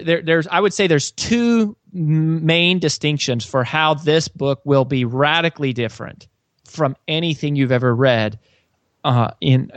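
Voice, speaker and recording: A man's voice: mid-range voice, no room sound. A man being interviewed as an author and business coach, telling stories earnestly with plenty of fillers and restarts. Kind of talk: conversational interview answer.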